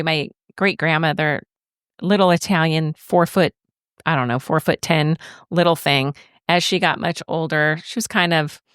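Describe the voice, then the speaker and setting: A woman's voice: deep voice, fairly bright tone, clear, resonant tone, dry recording, clean studio sound. A middle-aged woman co-hosting a podcast, telling stories in a chatty way and laughing often. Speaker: podcast co-host. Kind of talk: casual podcast chat.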